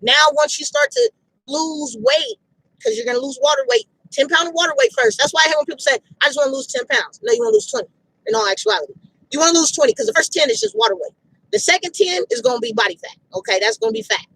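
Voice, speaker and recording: Animated woman giving emphatic fitness pep talk. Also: very high-pitched, fast talker, creaky, no room sound, poor audio. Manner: emphatic, repetitive, direct, street slang. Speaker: fitness motivator. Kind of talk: casual motivational talk. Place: outdoors.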